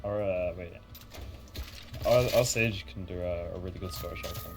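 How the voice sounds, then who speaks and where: A man's voice: deep voice, steady tone, moderate pace, over music. A man in casual gaming voice chat, eagerly egging teammates on.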